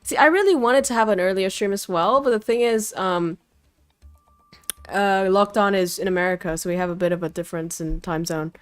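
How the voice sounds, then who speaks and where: A woman's voice: medium pitch, a little fast, clean tone, no room sound. A young woman streaming a game live, chatting casually with her chat and reading story text aloud in a playful, talkative way. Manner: chatty, switches languages, greets chat playfully. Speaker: vtuber streamer.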